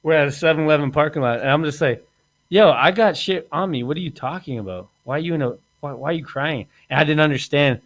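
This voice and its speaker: A man's voice: fairly high pitch, fast, fairly bright tone. A man hosting a podcast, telling crude stories in a rambling way, laughing often and acting out what people said. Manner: rambling, laughs often, acts out quoted lines. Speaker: podcast host. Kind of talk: crude casual storytelling.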